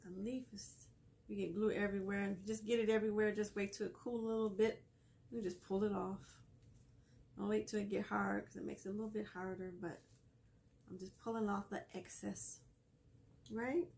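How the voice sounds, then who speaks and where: A woman's voice: mid-range voice, flat delivery, normal speed, gravelly, darkish tone. A woman hosting a casual craft tutorial, chatty and laughing often as she explains each step while she works. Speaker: craft video host.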